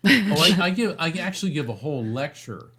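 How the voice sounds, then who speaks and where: A man's voice: a little high, big pitch swings, fairly quick, sharp tone. A middle-aged man, a psychic medium guest, telling anecdotes in conversation, rambling with many fillers and restarts.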